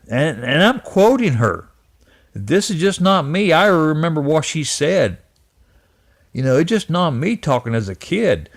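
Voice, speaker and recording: A man in his fifties recalling a family memory in a personal vlog, speaking earnestly and haltingly, often repeating and restarting his words. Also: on the high side, big pitch swings. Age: 50s. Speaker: channel host. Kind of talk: personal reminiscence to camera.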